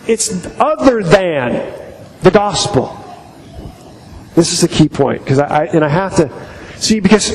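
A man preaching a sermon, emphatic, often repeating his key phrases. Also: high voice. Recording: echoey hall, faint background noise.

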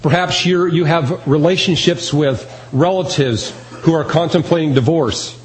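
A man's voice: a little high, measured pace, low-quality recording. A man preaching a sermon, earnest and emphatic, repeating key phrases. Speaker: pastor.

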